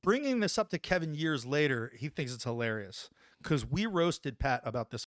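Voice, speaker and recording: Forties guy, army vet on a podcast, lively storyteller, dry close sound. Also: fairly high pitch, normal speed, dry recording. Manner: animated, tags lines with "right?", laughs while telling. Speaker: podcast guest, army veteran. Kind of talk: casual storytelling anecdote.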